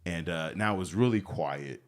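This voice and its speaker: A man with a lowish voice tells a story in a relaxed podcast chat. He acts out the people in his story and breaks into sudden yelps. His delivery is animated and loose. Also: moderate pace. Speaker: podcast guest.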